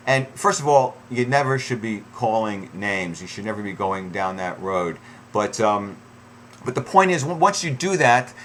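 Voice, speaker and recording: A man's voice: medium pitch, fairly bright tone, slight background noise. Rambling man giving relationship advice. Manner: conversational, many fillers and restarts, acts out quoted lines. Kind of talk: unscripted advice talk.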